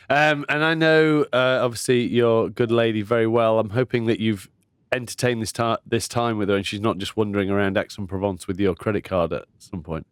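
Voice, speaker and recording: A man's voice: lowish voice, fairly even intonation, moderate pace, clear, resonant tone, no room sound. A man co-hosting a chat podcast, chiming in with jokes and quips. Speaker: podcast co-host. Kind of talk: casual chat.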